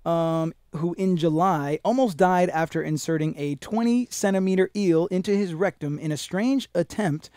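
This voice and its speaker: A man with a high voice speaks at normal speed with few pauses, and there's no room sound. Hosting a comedy podcast, he reads odd news stories aloud and riffs on them in a profane, animated way. He adopts put-on voices for the people he quotes.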